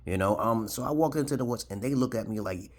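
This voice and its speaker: Here the man's voice sits at medium pitch with a quick pace. He's a video blogger in his forties from Brooklyn, New York, USA, telling a meandering story to camera, chuckling and repeatedly tacking on "okay?".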